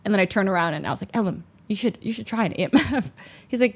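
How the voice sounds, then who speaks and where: A woman chatting casually, laughing and protesting, with quick rambling asides. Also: medium pitch. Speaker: streamer reacting. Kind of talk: casual chat.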